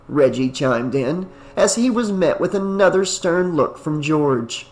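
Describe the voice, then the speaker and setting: A man narrating a novel in a steady, even reading voice. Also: on the high side, a little slow, few pauses. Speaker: audiobook narrator. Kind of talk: scripted narration.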